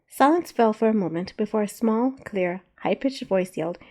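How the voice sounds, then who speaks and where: A woman narrating a story aloud in a measured, even reading. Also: lowish voice.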